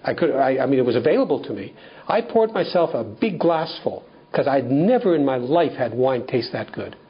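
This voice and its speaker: A man from Canada speaking at a recovery workshop, telling a personal story in an animated way with many restarts. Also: mid-range voice, normal speed, breathy edge. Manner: animated, acts out dialogue, frequent restarts. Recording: dull lo-fi recording.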